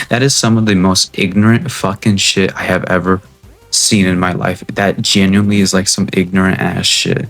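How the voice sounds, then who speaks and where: A man's voice: deep voice, little pitch movement, moderate pace, gravelly, fairly bright tone, soft background music. A young man ranting casually about an online game, blunt and profane, rambling and often tacking on "right?". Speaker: gaming video creator. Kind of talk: casual gaming rant.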